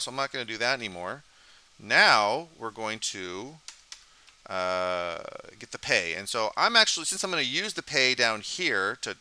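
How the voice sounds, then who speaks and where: A man's voice: on the low side, sharp tone, a little hiss or hum. A man teaching a college programming lecture, talking casually while coding live, thinking aloud and asking the class questions.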